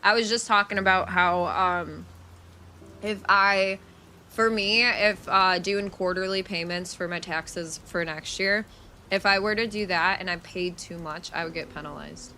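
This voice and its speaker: A woman's voice: on the low side, fairly even intonation, measured pace, pushed and bright, a little hiss or hum. A woman streaming live, chatting casually and answering her chat with frank, profane talk.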